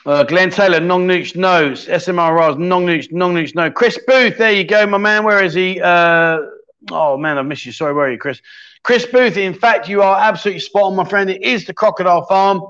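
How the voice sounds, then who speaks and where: Man, livestream host, chatty and jokey, slightly high voice, dull lo-fi sound. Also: moderate pace, fairly bright tone, clean tone. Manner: chatty, jokey, thinks aloud while scrolling comments. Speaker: livestream chat show host. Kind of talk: casual livestream chat reading comments.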